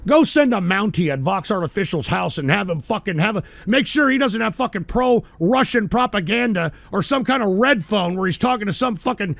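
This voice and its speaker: A male show host rants angrily at his chat about politics, swearing, stumbling over restarts, and shouting at times in agitation. His voice is high and creaky with lively intonation and a fairly bright tone, and he talks briskly with hardly any pauses. The recording is dry.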